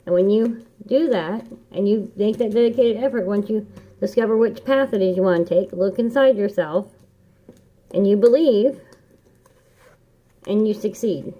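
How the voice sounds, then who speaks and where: A woman's voice: mid-range voice, normal speed, pauses often. A woman giving a casual tarot reading, talking in an earnest, encouraging way and repeating key phrases like a mantra. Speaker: tarot reader. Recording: dull lo-fi home recording.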